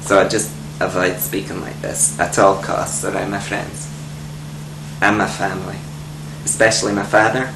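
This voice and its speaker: A man playing a timid, soft-spoken young man. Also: sits low, flat delivery, moderate pace, vocal fry. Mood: prim. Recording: echoey room with air-conditioning hum.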